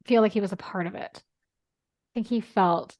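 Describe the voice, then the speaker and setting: A woman guest on a podcast, talking earnestly in casual chat, with quick bursts and lots of "like". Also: medium pitch, darkish tone.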